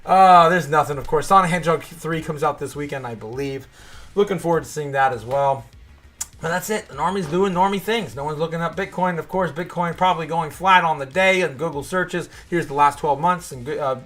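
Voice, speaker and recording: Male show host, bright tense voice, a bit high, casual swearing rant, faint music behind. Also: brisk. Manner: frustrated, swearing, rambling.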